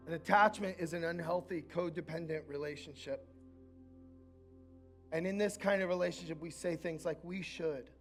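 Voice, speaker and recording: A man preaching a sermon in a church, earnest and personal, dropping from loud lines to quiet, intimate asides. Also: on the high side, steady tone, normal speed, long pauses, soft background music. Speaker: pastor.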